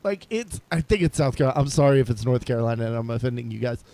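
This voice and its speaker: A man co-hosting a casual podcast, telling stories in a rambling, animated way with lots of restarts. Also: mid-range voice, rapid-fire. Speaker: podcast co-host. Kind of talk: casual chat.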